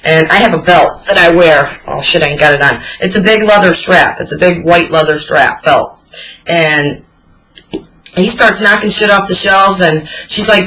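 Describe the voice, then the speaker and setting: A woman's voice: lowish voice, normal speed, a bit bright, low-quality recording. A woman in her forties chatting casually to camera, telling blunt, profane stories with plenty of swearing. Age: 40s. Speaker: vlogger answering a tag video. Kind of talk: casual chat.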